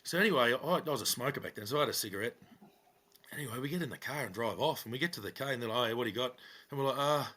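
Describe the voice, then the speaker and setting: Rapid-fire and medium-pitched, a middle-aged Australian man relates a police story during casual podcast chat. A co-host and former cop, he's animated and belts out quoted lines in a raised voice.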